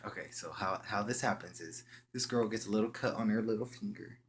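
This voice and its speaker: A young man with a low voice tells a story casually, full of slang. He halts often and restarts his sentences. A faint hum runs behind his voice. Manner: slangy, halting, with frequent restarts. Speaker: vlogger.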